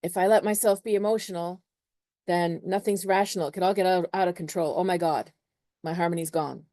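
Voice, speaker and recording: A woman playing a fussy, alarmed peacekeeper that panics over messy emotions. Her tone is warm and mellow. The sound is dry and close. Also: fairly low pitch, fairly even intonation, a little fast, no echo, close to an everyday voice. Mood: fretful. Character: fretful personified sign craving harmony.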